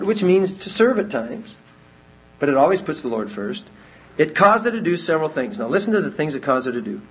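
Male preacher, sermon delivery, husky, dull lo-fi recording. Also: fairly high pitch. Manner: animated, acts out quoted voices.

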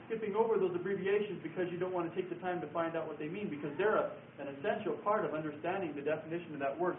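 A man teaching a Bible study class, explaining things patiently and repeating key words as he writes on a board. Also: a little high. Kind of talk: classroom lecture with board writing. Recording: echoey room from far off, phone-like lo-fi sound, faint hiss.

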